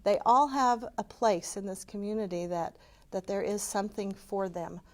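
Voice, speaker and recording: Picture a woman addressing a room full of people, speaking with earnest, heartfelt passion about her community work. Her voice sits at an ordinary middle pitch for a woman, and she talks openly and with feeling. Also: steady tone, moderate pace. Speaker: community presenter.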